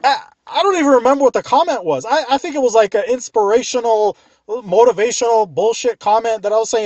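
A man telling a funny work story as a profane, exasperated rant, with animated delivery. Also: high voice, brisk, no room sound.

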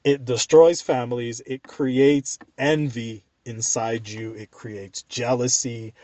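A man telling a funny work story as a profane, exasperated rant, with animated delivery. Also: medium pitch, slow, dry recording.

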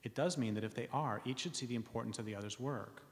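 A man with a medium-pitched voice speaks fast during a public talk, reading premises from his book to an audience. He's earnest, with wry asides and frequent ums, and the hall gives a long reverb.

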